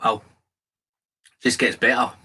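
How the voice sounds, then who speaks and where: Chatty bright-voiced man hosting a livestream. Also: mid-range voice, level tone, slow, husky. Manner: chatty, jokey banter with viewers, reads comments aloud. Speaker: whisky livestream host. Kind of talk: casual live-stream chat while tasting whisky. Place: home shed.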